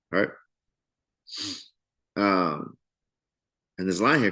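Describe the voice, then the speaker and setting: A man teaches a Bible study in a loose, conversational way. He reads study notes aloud, then breaks into lively asides that act out the characters. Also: lowish voice, unhurried, pauses often. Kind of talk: casual Bible study commentary.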